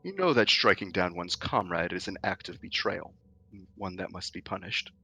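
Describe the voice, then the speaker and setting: A man voicing Gravik, a grave, booming Goliath warlord. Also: lively intonation, pushed and bright, breathy edge, exaggerated voice. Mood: solemn. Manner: slow, solemn, booming delivery. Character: aging scarred male Goliath warlord, grave and imposing.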